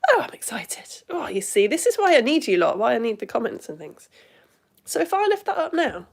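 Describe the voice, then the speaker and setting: Bubbly woman host with a high, bouncy voice, chatting through viewer comments on a live stream. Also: a little fast. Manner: chatty, excitable, laughs often. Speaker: educator reading live comments. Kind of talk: casual live-stream chat.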